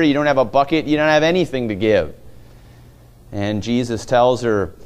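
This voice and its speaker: A man's voice: mid-range voice, darkish tone, clear, resonant tone. A male pastor preaching a sermon, retelling a story and acting out the voices of its people.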